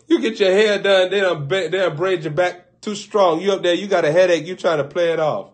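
A man preacher telling a comic, animated story, laughing often and acting out little scenes. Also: high voice, fairly quick, slight background noise. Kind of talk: comedic storytelling riff.

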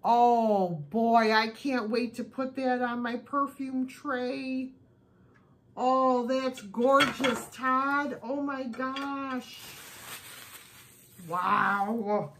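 Woman vlogger unboxing at home, warm and chatty, slow delivery, faint background hum. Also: a little high, fairly even intonation. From United States. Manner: gushing and chatty. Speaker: thrift vlogger. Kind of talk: casual haul video.

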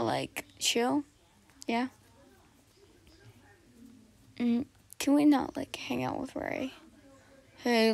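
A woman's voice: on the high side, vocal fry, darkish tone, heavily acted. A woman playing a flirty laid-back guy. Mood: coaxing. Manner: casual, coaxing invitations. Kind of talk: fan audio role-play.

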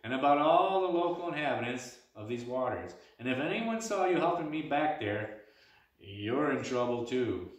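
A man voicing a spirited young tavern girl who talks briskly and bossily, with old-style turns of speech like "ye". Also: medium pitch, lively intonation, pitched above the performer's own voice, natural voice. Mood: earnest. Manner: brisk, bossy, uses old-style "ye" and "me mum". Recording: echoey room, mic at a distance.

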